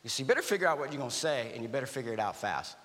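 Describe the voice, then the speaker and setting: Veteran guy telling war stories at church, lively, acts out the dialogue, bright voice, big echoey hall. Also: medium pitch, racing, a little hiss or hum. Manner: animated storytelling with acted-out dialogue. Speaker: guest speaker, army veteran. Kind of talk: motivational church talk. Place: church auditorium. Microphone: stage microphone.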